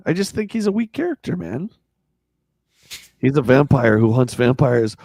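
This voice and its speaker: Man, casual livestream co-host, reads aloud with sarcastic asides, lively swooping pitch, dry close sound. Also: normal speed, vocal fry, no echo. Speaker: podcast co-host. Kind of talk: casual livestream chat reading a magazine.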